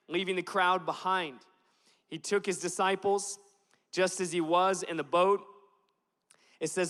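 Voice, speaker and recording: Passionate high-voiced male preacher in a hall. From Alaska. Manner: passionate, builds from slow emphatic lines to loud animated retelling. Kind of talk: sermon. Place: church auditorium. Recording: long hall reverb.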